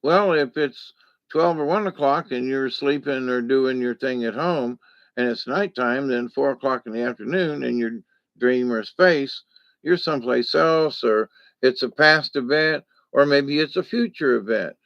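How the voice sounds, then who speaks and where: A man's voice: mid-range voice, unhurried, no room sound, dull audio. A man talking in a casual, rambling monologue, folksy and digressive, with lots of fillers. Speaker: vlogger.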